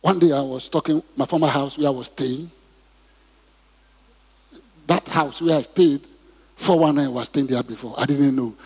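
A man's voice: medium pitch, normal speed, pauses often, a little mellow, slightly rough. A man preaching a sermon in church, asking the congregation questions and drawing responses. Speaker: pastor. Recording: reverberant hall.

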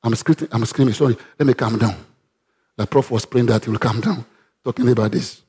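A man with a Nigerian accent preaching a sermon, reading Bible verses aloud and breaking into sudden loud, animated rises. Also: medium pitch, fairly quick. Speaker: pastor.

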